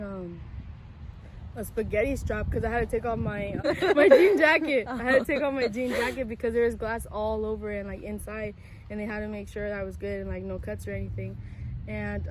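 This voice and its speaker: A woman's voice: medium pitch, noisy background. A young woman casually telling a personal story as co-host, chatty and full of fillers.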